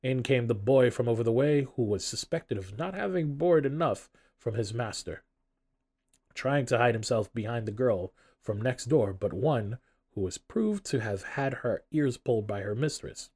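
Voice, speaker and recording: A man narrating a classic novel aloud in an expressive, storytelling manner. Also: mid-range voice, normal speed. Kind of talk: audiobook narration.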